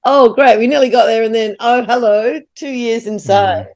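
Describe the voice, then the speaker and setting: A woman's voice: on the high side, normal speed, a little mellow. A woman, a playwright guest on a remote podcast interview, telling a story animatedly and laughing often. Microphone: remote call.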